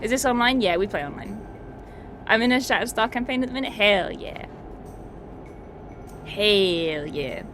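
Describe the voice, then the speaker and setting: A woman's voice: mid-range voice, animated, measured pace, pauses often, noisy background. A woman streamer chatting casually, swearing and laughing often as she recaps a tabletop game.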